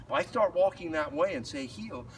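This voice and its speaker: A man's voice: high voice, expressive, normal speed. A man working as a dog trainer, explaining a leash lesson outdoors while walking, often breaking off to praise the dog in a light voice. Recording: distant mic, noisy outdoor.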